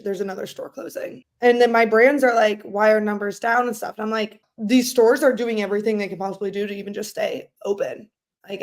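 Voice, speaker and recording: A young woman co-hosting a podcast, telling stories in a loud, animated way with frequent laughter. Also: mid-range voice. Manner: loud, animated storyteller who laughs often. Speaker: podcast co-host. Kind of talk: casual chat.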